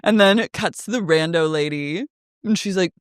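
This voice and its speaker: A woman's voice: on the low side, moderate pace, dry recording. A gossipy woman trading a reality show recap with her co-host. She acts out the cast's quotes in exaggerated voices. The sound is dry and close, with no room in it. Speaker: podcast co-host. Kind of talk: casual recap chat.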